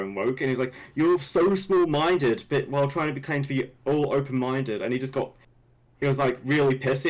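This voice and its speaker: A man's voice: mid-range voice, rough recording. Kiwi guy on a podcast, rambly storytelling, keeps restarting his sentences. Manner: rambling, lots of restarts and fillers. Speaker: podcast co-host. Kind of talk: casual storytelling.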